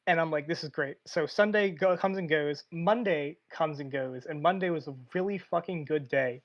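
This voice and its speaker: A man's voice: fairly high pitch, moderate pace. A young man, a podcast host, telling a story animatedly and swearing often. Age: young adult. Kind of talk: casual storytelling chat. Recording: dull lo-fi audio.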